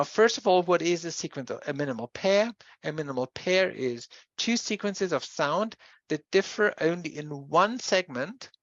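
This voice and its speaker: A lecturer giving a university lecture, explaining slowly with pauses and restarts. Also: mid-range voice, fairly bright tone, no room sound, highs cut off. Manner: explanatory, with pauses and self-corrections.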